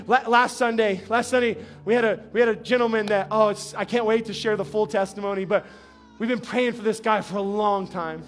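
A pastor from New Mexico delivering a sermon in a high, light voice. He talks conversationally, stumbling and repeating words, then slows to an earnest tone. Gentle music plays softly behind him. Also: fairly even intonation.

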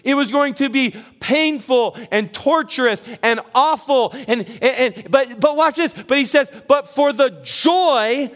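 A man's voice: very high voice, a little slow, hardly any pauses, a bit bright. A middle-aged man preaching a sermon as pastor, conversational, asking the congregation questions and joking about himself. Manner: conversational, asks the congregation questions, self-deprecating humor.

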